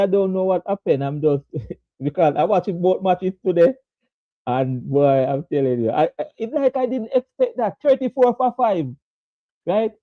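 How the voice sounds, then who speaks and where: A man's voice: a little high, no room sound. A man with a Jamaican accent hosting a casual live cricket chat, laughing often and greeting viewers by name. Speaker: host. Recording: dull lo-fi dry sound.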